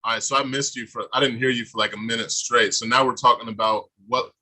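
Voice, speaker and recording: A man's voice: mid-range voice, steady tone, fast, bright, forceful tone. A man hosting a podcast, throwing in blunt, swearing interjections and questions in a casual chat. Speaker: podcast host.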